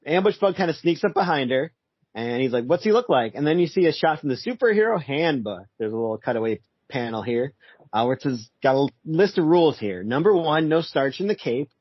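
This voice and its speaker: A man's voice: fairly high pitch, animated, a little fast, no room sound, muffled recording. A man co-hosting a comic podcast in casual chat, laughing often as he reads out the panels. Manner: chuckly, laughs often while reading out panels. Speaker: podcast co-host.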